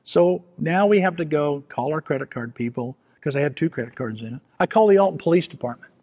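A man preaching a storytelling sermon, animated and self-mocking, acting out the scenes he recounts. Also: on the high side, fairly quick. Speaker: pastor. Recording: long hall reverb.

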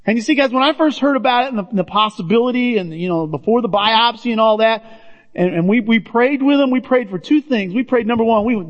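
Male pastor, high voice, earnest direct sermon; muffled church recording with long reverb. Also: fast talker. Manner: earnest, addresses listeners as "guys". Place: church sanctuary. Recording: dull, reverberant hall sound.

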